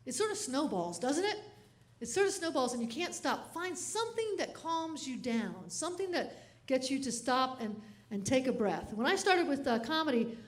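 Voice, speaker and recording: High-voiced woman comedian, animated keynote storyteller who laughs between lines. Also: moderate pace.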